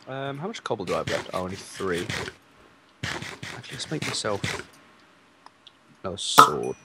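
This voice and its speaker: A man chatting casually while playing a game with a friend, playful and quick to laugh. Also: mid-range voice, wildly swooping pitch, very noisy. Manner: playful, laughs a lot, jokey banter. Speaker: gaming co-host. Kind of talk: casual gaming chat.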